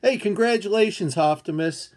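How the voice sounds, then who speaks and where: A man's voice: high voice, normal speed, darkish tone. Chatty older man on a live stream. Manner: chatty, rambling, greets chat viewers. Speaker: comic book YouTuber.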